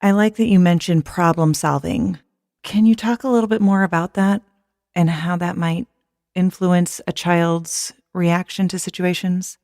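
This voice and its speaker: A woman's voice: fairly low pitch, fairly even intonation, a little slow, darkish tone, no room sound, studio quality. A woman hosting a podcast, asking her guest questions and drawing on her own work with families. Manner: asks questions, draws on her own casework. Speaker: podcast host. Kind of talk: podcast interview.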